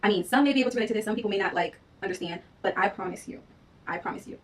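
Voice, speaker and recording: A woman's voice: medium pitch, very fast, recorded from a distance. A young adult woman talking candidly to her channel, casual and earnest, with frequent "like" and "um" fillers. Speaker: vlogger. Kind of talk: candid confessional chat. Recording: roomy sound, voice off from the mic.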